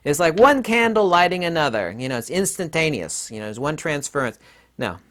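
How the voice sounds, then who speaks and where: Middle-aged male commentator, blunt and combative, animated pitch, mocking asides. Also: a little fast. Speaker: online commentator. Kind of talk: opinionated monologue.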